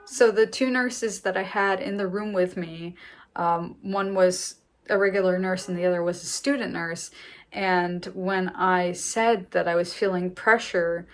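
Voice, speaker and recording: A woman's voice: fairly low pitch, fairly even intonation, unhurried. A young woman candidly recounting her first birth story in a chatty way, laughing often. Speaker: vlogger. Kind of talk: personal storytelling.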